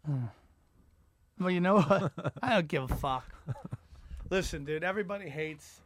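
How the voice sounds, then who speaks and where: A man's voice: on the high side, normal speed, a bit bright, no room sound. A man hosting a casual chat, telling rambling, profane, self-mocking stories.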